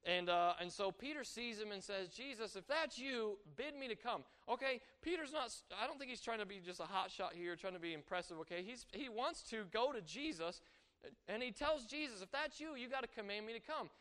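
A man preaching a sermon, animated, rising and falling for emphasis and acting out quoted voices. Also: high voice, fairly quick, smooth.

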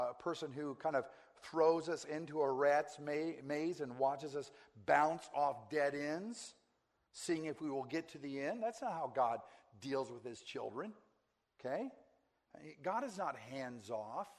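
A man preaching a sermon in an earnest way, often repeating key phrases and checking in with the congregation. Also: on the high side.

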